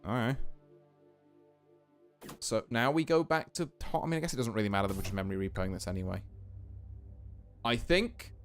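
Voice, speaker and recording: A man's voice: medium pitch, animated, brisk, long pauses, faint music behind. A young man streaming a game, chatting casually with self-mocking, swearing asides. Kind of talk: casual chat while gaming.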